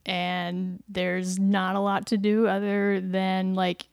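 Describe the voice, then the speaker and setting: A woman from Missouri with a light Missouri accent, chatting as a podcast guest. Her voice sits in a middle pitch, and her humor is dry and understated. The recording is close, with no room sound. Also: flat delivery, slow pace, vocal fry, hardly any pauses, no room sound. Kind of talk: casual podcast chat.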